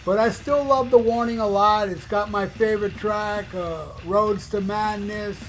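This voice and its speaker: A man in his fifties, a podcast host, ranting in an excited, profane way in bursts with fillers. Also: sits high, a little slow, soft background music. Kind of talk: casual opinionated rant.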